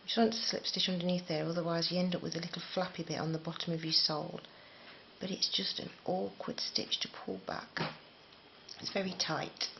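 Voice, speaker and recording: A middle-aged woman from the talks through a crochet tutorial in a rambling, self-deprecating way. Her voice sits low with a gravelly fry, and the recording sounds a little dull and lo-fi. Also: little pitch movement, fairly quick, a little hiss or hum. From England. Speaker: crochet teacher. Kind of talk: casual spoken tutorial.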